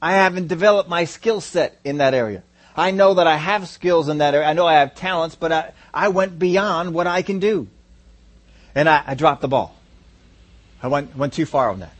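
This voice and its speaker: A man preaching a sermon, animated, repeating phrases for emphasis and acting out a crowd's reactions. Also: fairly high pitch, moderate pace. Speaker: pastor.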